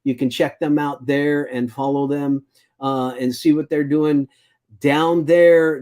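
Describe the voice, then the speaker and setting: A man's voice: a little high, steady tone, slow pace, darkish tone. A man hosting a casual speedway news rundown, rambling and stumbling over foreign names as he goes. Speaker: show host.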